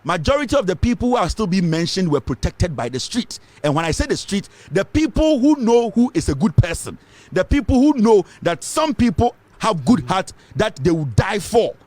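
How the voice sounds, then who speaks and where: Brief: Ghanaian male commentator, fiery and emphatic, raised pitch, very animated delivery. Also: moderate pace, no echo. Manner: fiery, emphatic, repeats points, mixes English with Twi. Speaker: political commentator. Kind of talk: impassioned political commentary.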